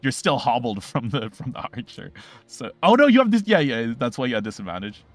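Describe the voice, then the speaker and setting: A man narrating a tabletop game as game master, telling the scene dramatically and often pausing to search for words. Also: mid-range voice, wildly swooping pitch.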